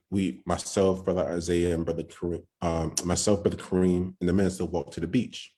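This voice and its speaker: A young man tells a personal story on a podcast. His voice sits low and a little husky. He talks with nervous excitement, says he is shaking, and acts out what other people said. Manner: excited, acts out quoted voices, frequent "right?". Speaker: podcast guest. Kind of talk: storytelling testimony.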